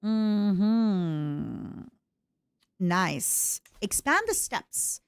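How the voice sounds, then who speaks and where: A woman's voice: medium pitch, extremely slow, clear, resonant tone, dry recording, clean studio sound. A young woman streamer giving casual commentary over a strategy game, reading its text aloud while eating. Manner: eats and talks with mouth full, reads game text aloud; lively, playful asides.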